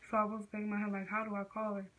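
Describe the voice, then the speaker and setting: A woman's voice: medium pitch, monotone, racing, fairly bright tone, muffled recording. A teenage girl vlogger telling a personal story in casual, slangy speech full of fillers.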